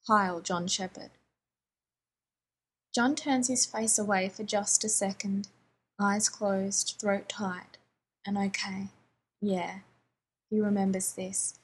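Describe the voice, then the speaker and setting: A woman reading fan fiction aloud in a calm, even storytelling manner. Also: medium pitch, slow pace, slightly rough, rough recording. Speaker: audiobook reader.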